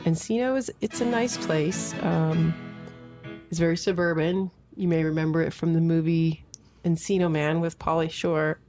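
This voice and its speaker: Low-voiced rambling comic woman. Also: normal speed, faint music behind. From American Midwest. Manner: rambling, self-deprecating, deadpan. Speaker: podcast host. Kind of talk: casual solo comedic monologue. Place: home side office.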